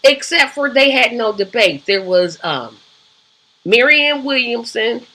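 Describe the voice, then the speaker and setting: Woman host, bright and somewhat high-pitched, conversational live-stream commentator who asks "right?" often. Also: lively intonation, measured pace, rough recording. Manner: conversational and opinionated, with frequent ums and rhetorical "right?". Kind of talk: casual political commentary.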